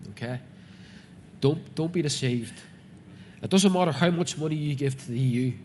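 A man's voice: fairly high pitch, moderate pace, darkish tone, slight background noise. A man with a Northern Irish accent preaching a sermon, reading scripture and explaining it earnestly and conversationally to his congregation. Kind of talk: sermon, Bible reading with commentary. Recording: reverberant hall with faint ambience.

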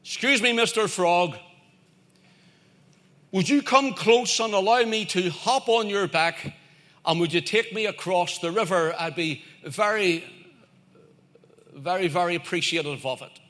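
A man's voice: high-pitched, unhurried, long pauses, a bit bright. A man voicing a male scorpion in a spoken fable, overly polite and repeating his promises. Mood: coaxing. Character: sly pleading male scorpion, fable creature.

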